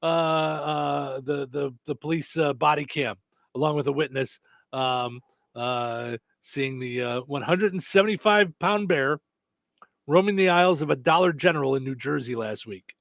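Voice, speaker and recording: A man with a high, bright voice co-hosts a casual radio chat. He stumbles through fillers and restarts as he tells a story. The sound is dry and close. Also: moderate pace, creaky, no room sound. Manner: many fillers and restarts, laughs easily. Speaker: radio show co-host.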